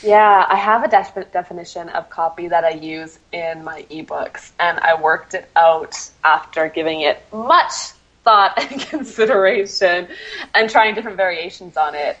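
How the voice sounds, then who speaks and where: A woman's voice: lowish voice, normal speed, a bit bright, lo-fi sound. A woman copywriter answering interview questions, laughing often and apologizing for herself, with many ums. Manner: self-deprecating, laughs often, many fillers.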